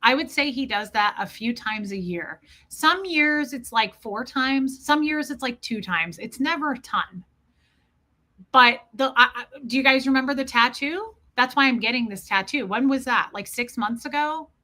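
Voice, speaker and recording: A woman's voice: high voice, animated, normal speed, sharp tone. A woman hosting a live stream, telling a personal story in an earnest, casual way and greeting viewers by name.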